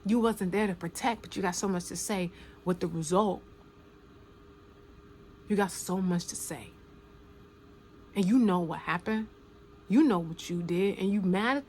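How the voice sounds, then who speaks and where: A woman's voice: fairly low pitch, measured pace, pauses often, darkish tone, a little hiss or hum. Emphatic, repetitive woman talking casually. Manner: emphatic, repeats phrases for stress, slangy. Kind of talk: casual spoken commentary.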